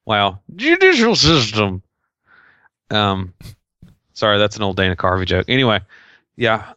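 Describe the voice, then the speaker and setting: A man's voice: fairly low pitch, a bit bright, clear, resonant tone, dry recording, dull audio. A man co-hosting a casual podcast, trading dry, joking banter. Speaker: podcast co-host.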